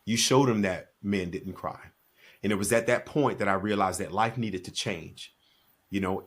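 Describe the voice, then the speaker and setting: Man, forties, husky voice, earnest and emphatic, conversational storytelling. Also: lowish voice, a bit bright. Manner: earnest, emphatic, acts out quoted dialogue. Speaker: podcast guest, speaker and author.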